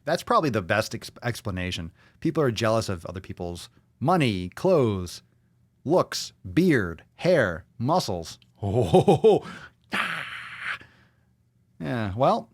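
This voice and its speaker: A man's voice: on the low side, very animated, a little slow, dry recording, studio quality. Brash, swearing podcast host man. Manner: brash, profane, mocking. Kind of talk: casual ranting podcast talk.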